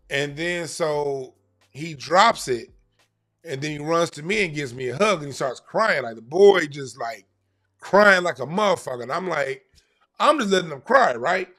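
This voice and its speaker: Forceful man telling a rough story. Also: a little high. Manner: profane, animated, conversational. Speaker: storyteller recalling crisis social work. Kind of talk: casual profane storytelling.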